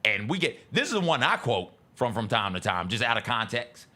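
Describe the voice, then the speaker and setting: A man co-hosts a casual sports talk show. His voice is bright and forceful, with lively, swooping pitch. He tells stories with relish and breaks into laughter easily. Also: normal speed. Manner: animated, laughing, acts out quoted rants loudly. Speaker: sports radio co-host.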